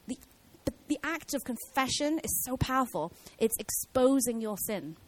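A woman's voice: high-pitched, expressive, normal speed, hardly any pauses, low-quality recording. A woman giving an informal Bible teaching in a casual way, with many fillers and restarts.

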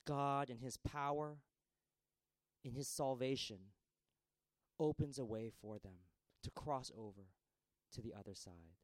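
A man preaching a sermon dramatically, with a repetitive cadence that swings between raised pleas and hushed lines. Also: medium pitch, measured pace, pauses often, no room sound, low-quality recording.

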